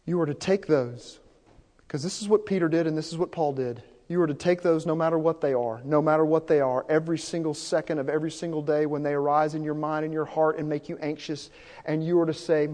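A pastor preaching an impassioned sermon, swinging from hushed, intimate passages to loud, urgent peaks. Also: male voice, a little high, brisk. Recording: long hall reverb.

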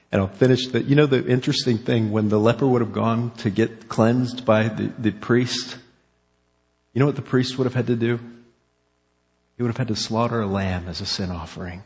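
A man's voice: medium pitch, a little mellow. A middle-aged male pastor telling a personal story in an earnest sermon, then closing in prayer. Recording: long hall reverb.

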